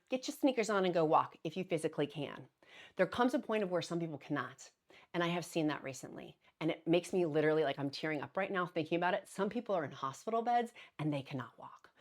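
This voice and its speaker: A woman hosting her daily vlog, talking earnestly and encouragingly to viewers, with frequent restarts and little laughs. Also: lowish voice. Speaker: vlogger hosting a daily show. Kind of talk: casual direct-to-camera vlog talk.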